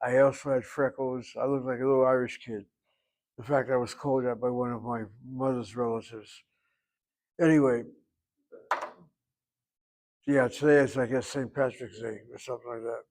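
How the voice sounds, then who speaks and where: A man's voice: mid-range voice, level tone, moderate pace, long pauses, darkish tone. An older man teaching a Hebrew class, joking and digressing, then patiently correcting a student's pronunciation. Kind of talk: online class instruction.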